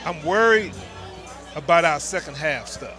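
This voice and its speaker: A man in his fifties from Houston with a Texas accent, telling football stories in a casual chat, excitable and prone to restarting his sentences. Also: fairly high pitch, a little slow. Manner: animated storyteller, repeats starts. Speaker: guest fan. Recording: loud crowd and music around.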